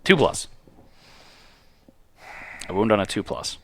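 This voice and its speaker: A man hosting a streamed board game session, reading rules aloud and counting dice in a casual, animated way. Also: fairly low pitch, takes it slowly, gravelly, a little hiss or hum. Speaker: game host.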